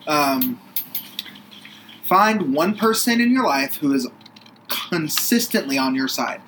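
A man's voice: on the high side, big pitch swings, slow, a bit bright, a little hiss or hum, rough recording. A man co-hosting a podcast, a theater director giving audition advice in a blunt, joking way. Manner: blunt, jokey, acts out quoted auditioners. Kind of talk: casual chat.

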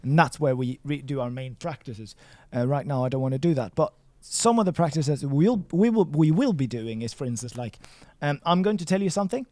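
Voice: medium pitch, expressive, brisk, few pauses, darkish tone, no echo. A language teacher leading a one-on-one lesson, patient and playful, drilling words by repeating them.

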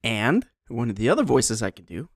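A young man co-hosting a podcast in a relaxed, rambling chat. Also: mid-range voice, a little fast, no echo, clean studio sound. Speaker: podcast co-host. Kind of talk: casual chat.

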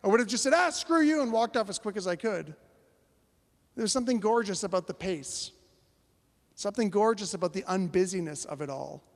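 A male pastor preaching a sermon as a lively story, acting out the voices of the people in it. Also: high voice, brisk, pauses often, big-room sound.

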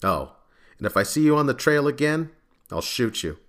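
A man voicing a gruff, blunt male training officer in an audiobook, with dry, threatening delivery. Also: mid-range voice, sing-song, moderate pace, a bit bright.

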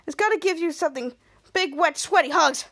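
Woman reading bossy male superhero, barks orders, very high voice. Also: brisk, fairly bright tone.

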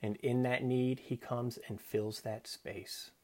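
Male speaker, earnest devotional talk, reflective delivery with soft quoted lines. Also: mid-range voice, fairly even intonation, takes it slowly. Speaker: Christian speaker.

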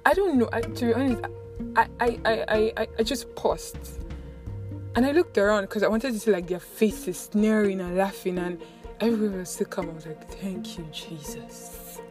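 Animated Nigerian woman vlogger. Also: medium pitch, moderate pace. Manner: animated, laughs often, repeats words. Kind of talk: casual chatty storytelling. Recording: music playing underneath. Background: background music.

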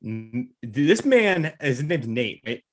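A man's voice: medium pitch, sing-song, takes it slowly. Young male podcast co-host, brash and profane, riffs on a movie in casual chat. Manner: brash, jokey, profane riffing.

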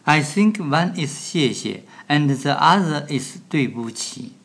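A man's voice: fairly high pitch, expressive, slow pace, fairly bright tone, breathy edge. An older man helping teach a language lesson, speaking short model phrases with dry humor. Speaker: co-teacher, host's father.

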